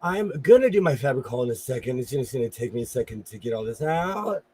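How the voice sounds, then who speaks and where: A man's voice: medium pitch, very animated, fast, a little mellow, husky. A man hosting a casual livestream from his home sewing room, chatting and cheerfully greeting viewers by name.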